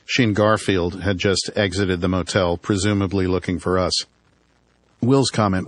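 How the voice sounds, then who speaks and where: Man, audiobook narrator, low voice, dry wry tone, close dry sound. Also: fairly even intonation, moderate pace, no echo. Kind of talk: first-person audiobook narration.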